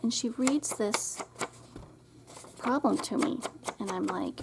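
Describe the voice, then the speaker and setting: A woman's voice: mid-range voice, takes it slowly, vocal fry, pauses often, background noise. A middle-aged woman hosting a craft tutorial, chatting and rambling as she works and muttering to herself over her supplies.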